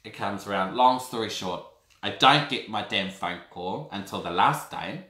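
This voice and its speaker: Speaking to camera from an echoey room, a man in his 30s from New Zealand shares a personal story with theatrical, camp flair. The animated vlogger addresses his audience as girl and darlings, in a lowish voice at a moderate pace.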